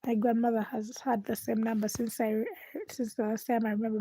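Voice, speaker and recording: A woman's voice: a little high, flat delivery, fairly quick, mellow, dry recording. A young woman chatting to her live stream viewers at night while doing chores, sometimes dropping to a whisper. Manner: chatty, talks to viewers while busy, drops to whispers at times. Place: home at night.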